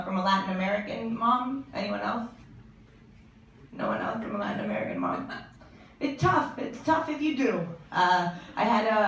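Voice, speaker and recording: A young woman doing stand-up comedy, trading deadpan lines and laughing at her own jokes. Her voice sounds distant and swims in heavy reverb. Constant room noise sits underneath. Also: fairly high pitch. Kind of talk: stand-up set. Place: comedy stage with live audience. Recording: echoey live room from far off.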